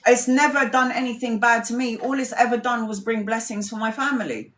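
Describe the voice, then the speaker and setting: A woman's voice: fairly high pitch, fairly even intonation, brisk, fairly bright tone. A woman, a tarot reader telling a personal story in a casual, chatty way, laughing often and swearing freely. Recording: roomy echo.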